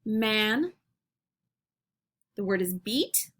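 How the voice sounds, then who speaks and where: A woman teacher talks young children through a phonics drill at an unhurried pace. Her voice is bright and clear, and she repeats each word slowly and encourages them between words. She is recorded on a computer mic at home. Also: medium pitch, animated.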